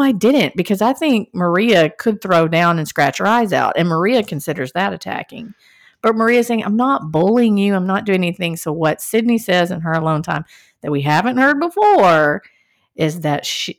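A woman co-hosting a podcast in casual chat, recapping a reality show and acting out what people said with big jumps in pitch. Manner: animated, acts out quotes with big pitch jumps. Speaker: podcast co-host.

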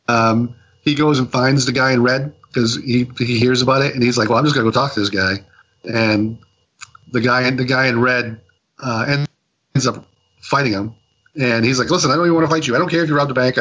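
A man co-hosting a podcast, recapping a story in a rambling casual way, full of fillers and quick lively voices for the people he quotes. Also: medium pitch, husky, highs cut off. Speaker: podcast co-host reviewing comics. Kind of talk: casual chat.

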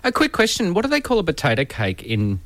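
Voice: mid-range voice, quick pace, no room sound. A radio co-host asking eager questions in a casual chat. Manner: eager questioner, animated reactions.

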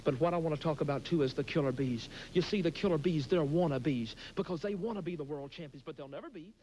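Man, boastful promo, taunting, quick, a bit high, lo-fi and distant. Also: mellow. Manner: taunting, rapid delivery.

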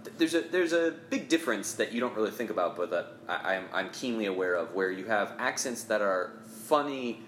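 A man's voice: on the low side, animated, brisk, hardly any pauses, a bit bright, roomy sound, a little hiss or hum. A man in his thirties, a comedian from Ohio, talking bluntly and jokingly as a podcast guest. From Ohio, USA. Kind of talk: casual podcast conversation.

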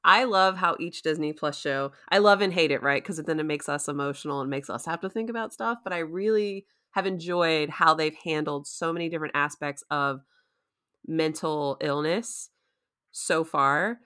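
A woman talking in a thoughtful, measured way in a casual discussion. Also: deep voice, bright, forceful tone.

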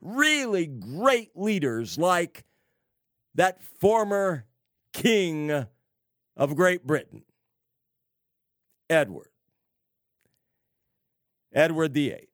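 A man preaching on prophecy, slow and emphatic, with sarcastic asides and wry laughs. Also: a little high, very animated, a bit bright, dry recording, clean studio sound. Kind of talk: prophecy sermon.

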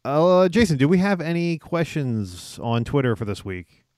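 A man's voice: fairly high pitch, very animated, normal speed, a little mellow, dry recording, studio quality. A man hosting a casual podcast, often hesitating with fillers and chuckling while he reads stories. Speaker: podcast host.

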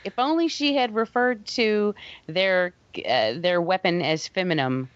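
A woman's voice: on the low side, lively intonation, a little slow, no echo, lo-fi sound. A woman co-hosting a casual movie review chat, emphatic and laughing often. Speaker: podcast co-host.

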